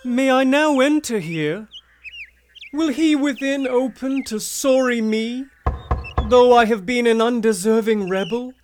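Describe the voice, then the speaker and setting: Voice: medium pitch, measured pace, darkish tone, slight background noise, close to an everyday voice. A performer voicing a humble, burdened male pilgrim who speaks earnestly in old-fashioned formal English in a radio drama. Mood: pleading.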